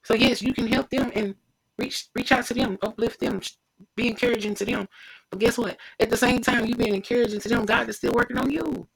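Casual devotional preacher, rough husky voice, fervent and repetitive, addresses the listener directly. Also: medium pitch, fairly even intonation, fairly quick, poor audio. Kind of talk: informal devotional sermon.

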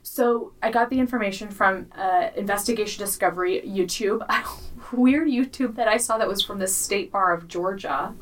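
A woman's voice: medium pitch, normal speed, distant mic, poor audio. A woman co-hosting a comedy podcast, chatting casually and playfully, swearing freely as she tells a story. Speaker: podcast co-host.

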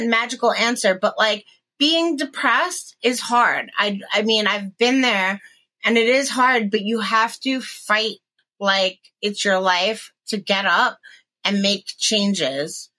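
A woman in her forties co-hosts a casual chat show, her voice bright and pushing forward. She speaks candidly and swears freely, trailing off and restarting as she recounts her own experiences. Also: a little high, animated, takes it slowly, rough recording. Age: 40s. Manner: candid, profane, rambling with restarts. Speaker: podcast co-host. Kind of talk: casual chat, personal storytelling.

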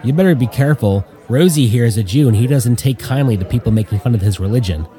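A man's voice: mid-range voice, animated, fast talker, dark tone, soft background music, close to an everyday voice. A man voicing a cocky, eager young male airman who talks boldly. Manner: bold, boastful.

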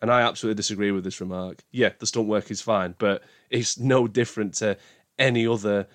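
A man's voice: on the low side, steady tone, fairly quick, dry recording, studio quality. A man giving a casual spoken film review, emphatic and prone to bursts of exasperation.

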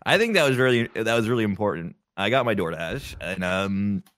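A man's voice: fairly low pitch, expressive, a little fast, fairly bright tone, no room sound, studio quality. A man hosting a podcast in casual chat, walking through his clips with lots of ums and restarts. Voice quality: rambling, filler-heavy delivery. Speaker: podcast host.

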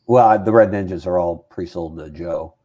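A man's voice: sits low, moderate pace, crowd noise. A man co-hosting a casual chat show, bantering in a jokey way. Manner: jokey, animated. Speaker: podcast co-host.

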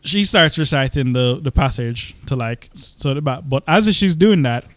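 A man joking and teasing through a casual movie podcast, his voice mid-pitched. The sound is close and dry, with no room around it. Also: expressive, moderate pace, no echo. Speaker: podcast co-host. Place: basement.

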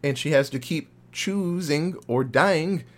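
Young male podcast co-host, casual and profane, animated film chat. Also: a little high, takes it slowly.

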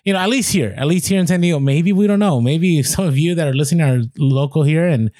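A man's voice: fairly high pitch, fast, dark tone, dry recording. A man co-hosting a podcast, talking in a reflective, rambling way. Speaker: podcast co-host. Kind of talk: casual chat.

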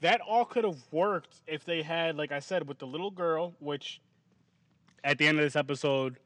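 Male podcast host, casual rambling movie talk, slightly higher voice, dry. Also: moderate pace, dry recording. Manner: rambling, animated, laughs often. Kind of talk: casual movie review chat.

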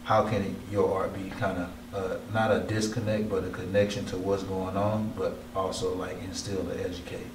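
A man hosting a podcast, his voice very low and strikingly flat in pitch, with rambling questions full of "like" and "right." He sits away from the mic in an echoey gallery, and steady background noise runs beneath him. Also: normal speed, few pauses, far from the mic. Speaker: podcast host. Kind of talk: casual interview. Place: art gallery.

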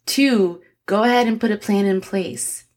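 A woman's voice: medium pitch, unhurried, darkish tone. A woman in her forties hosting a podcast, talking earnestly and emotionally to her listeners with encouragement and frequent laughs. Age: 40s. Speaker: podcast host. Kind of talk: motivational podcast monologue.

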